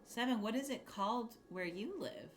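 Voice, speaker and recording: A woman's voice: a little high, animated, normal speed, a little hiss or hum. A woman hosting a crafting livestream, chatting casually and rambling while she answers her chat. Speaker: livestream host.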